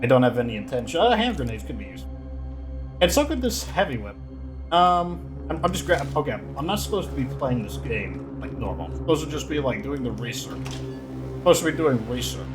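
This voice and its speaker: A man hosting a let's play, commenting in an excitable, rambling way and filling his talk with "like". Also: medium pitch, fairly quick, over music. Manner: excitable, rambling, heavy use of "like". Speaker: gaming channel host.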